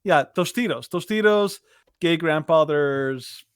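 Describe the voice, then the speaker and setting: A man co-hosting a podcast in casual opinion chat, halting with many fillers and restarts, getting animated when he mocks something. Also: on the high side, smooth, no echo, clean studio sound. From Latino heritage. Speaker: podcast co-host.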